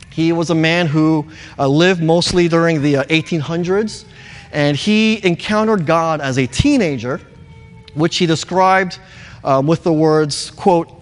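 A man's voice: on the high side, long reverb tail. A male pastor preaching a sermon in an earnest, emphatic way, repeating key words.

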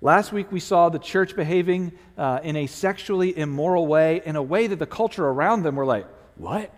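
A man's voice: a little high, fairly quick, big-room sound. A man preaching a sermon, telling a family story and acting out the people in it before moving to scripture. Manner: animated storyteller, acts out quoted voices. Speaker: pastor.

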